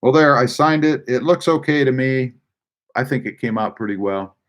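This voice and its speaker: A man's voice: medium pitch, normal speed. A man hosting a casual live stream, reading viewer chat aloud with many fillers and hesitations. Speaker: livestream host.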